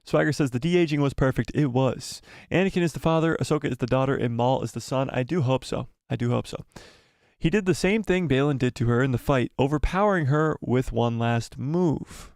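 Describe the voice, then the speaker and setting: Excitable man hosting a live chat stream. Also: mid-range voice, brisk, no room sound, studio quality. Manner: excited, repeats phrases for emphasis. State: losing his voice.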